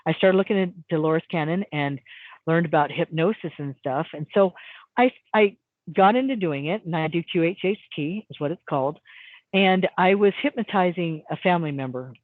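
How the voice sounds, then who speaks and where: A middle-aged woman, a hypnotist, telling a story as a guest in an interview, acting out quotes with sudden jumps in pitch and often repeating words as she restarts. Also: moderate pace, no room sound. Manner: animated, acts out quotes with big pitch jumps. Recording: dry tinny phone-like sound.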